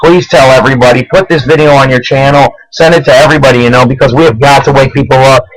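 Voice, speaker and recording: A man's voice: mid-range voice, steady tone, fast talker, poor audio. A man from New Jersey hosting his own web show, delivering an urgent, pleading political rant and begging viewers to act. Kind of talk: impassioned political vlog rant.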